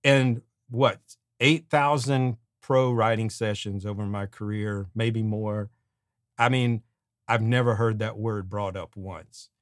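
A middle-aged man co-hosting a songwriting show, giving casual advice in an animated way and humming melody bits as he talks. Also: on the low side, slow, no echo, clean studio sound. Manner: animated, sings melody fragments, acts out quotes. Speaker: podcast co-host and songwriting teacher.

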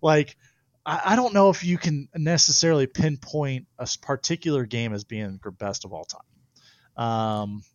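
A man's voice: mid-range voice, normal speed, no echo, highs cut off. Laughing man telling stories. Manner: animated storyteller, laughs often. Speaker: guest pitcher. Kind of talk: casual podcast chat.

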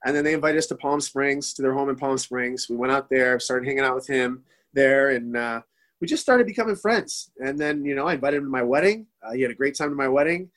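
A man in his forties telling stories excitedly in a casual podcast chat, rambling with many restarts. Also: mid-range voice, brisk. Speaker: podcast guest. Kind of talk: casual storytelling.

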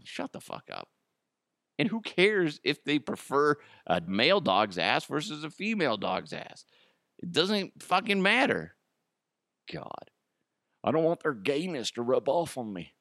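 A man's voice: on the high side, creaky, fairly bright tone, no room sound, clean studio sound. A man hosting his solo podcast, ranting profanely and laughing at his own jokes. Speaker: podcast host.

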